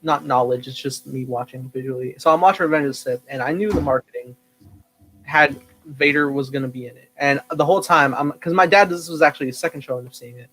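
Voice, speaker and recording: A young man co-hosting a podcast, telling a story excitedly, with many fillers and laughs. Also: medium pitch, fast talker, few pauses, poor audio. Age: young adult. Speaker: podcast co-host. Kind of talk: casual chat.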